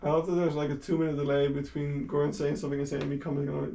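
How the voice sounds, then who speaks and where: A man's voice: on the high side, flat delivery, fast, gravelly, darkish tone. A young man, a native Dutch speaker, chatting casually and laughing often as he streams from home while sorting a collection. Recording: distant mic with faint hiss.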